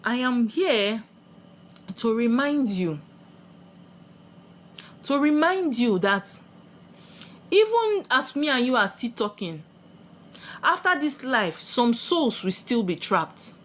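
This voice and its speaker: A woman's voice: a little high, big pitch swings, slow pace, pauses often, a bit bright, a little hiss or hum. A woman with a Nigerian accent giving a spiritual sermon, preachy and full of rhetorical questions she answers herself. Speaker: spiritual teacher.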